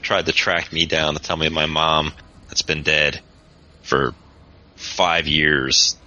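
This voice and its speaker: A wary young man, as a game master puts him on who fires back short, defensive questions. His voice is extremely deep with a bright, forceful edge. The sound is dull and lo-fi. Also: little pitch movement, takes it slowly, full character voice. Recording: dull lo-fi podcast audio.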